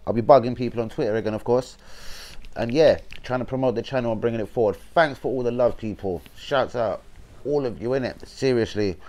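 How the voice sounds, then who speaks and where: A man's voice: mid-range voice, fairly quick, darkish tone. A young man with a London accent, hosting a fan channel livestream as a blunt, sweary rant full of slang. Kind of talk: casual football rant livestream.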